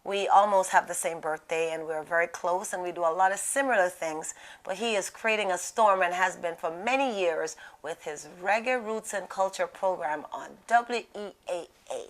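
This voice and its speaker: A woman's voice: fairly low pitch, moderate pace, hardly any pauses. Upbeat woman hosting a talk show. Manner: upbeat, playful, teasing. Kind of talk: casual interview chat.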